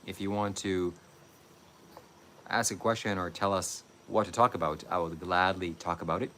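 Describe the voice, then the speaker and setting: Very deep-voiced man begging for donations. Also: steady tone, pushed and bright, slight background noise. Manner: slow, syrupy mock-spiritual pitch for donations. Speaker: comic guru on a livestream. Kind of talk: comedic livestream donation pitch.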